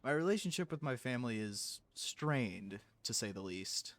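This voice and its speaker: A man's voice: medium pitch, animated, normal speed, fairly bright tone. A man voicing an estranged young male heir who plots a murder, reading the game's dialogue aloud. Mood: scheming.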